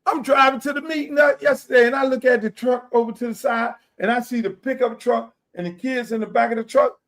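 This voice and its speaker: A middle-aged man hosting a podcast, ranting loudly and boastfully, with a lot of profanity. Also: very high voice, steady tone, fairly quick. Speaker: podcast host. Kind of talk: heated casual talk.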